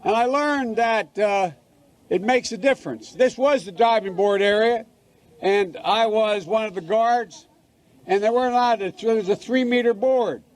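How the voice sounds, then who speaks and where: A man's voice: high voice, measured pace. An older male politician telling a meandering anecdote, correcting himself and trailing off mid-phrase. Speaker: politician speaking to a crowd. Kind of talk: rambling anecdote.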